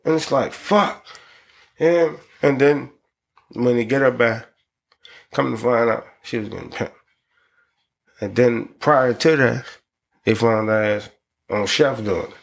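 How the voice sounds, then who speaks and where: A man, hosting a podcast in profane, rambling casual chat that breaks into loud excited laughter. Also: mid-range voice, unhurried, gravelly, long pauses. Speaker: podcast host.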